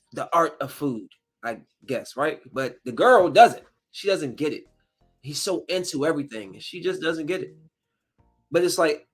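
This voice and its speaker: Man rambling through a movie recap. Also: fairly high pitch. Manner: rambling, animated storytelling with acted-out quotes. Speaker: podcast host.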